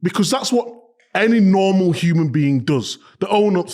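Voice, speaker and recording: Animated, high-pitched male pundit. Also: moderate pace. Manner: animated, emphatic, exclaims in disbelief. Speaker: football pundit. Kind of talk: casual football chat.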